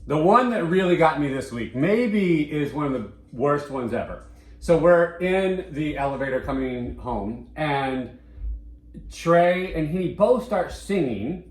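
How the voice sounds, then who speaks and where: Male co-host with a fairly high voice, animated and profane, recorded in an echoey room. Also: a little slow. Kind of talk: casual podcast chat.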